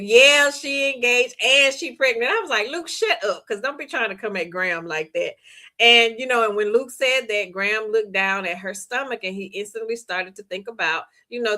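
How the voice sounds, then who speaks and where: A woman, hosting a book club discussion. She talks in a chatty, animated way, laughs often and reads viewer comments aloud. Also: mid-range voice. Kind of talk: casual book discussion recap.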